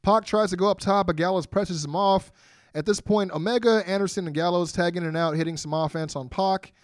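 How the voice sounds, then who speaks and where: A man's voice: high-pitched, steady tone, fairly quick, no echo, clean studio sound. Man recapping a wrestling match. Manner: play-by-play recap with fillers and laughs. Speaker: podcast co-host.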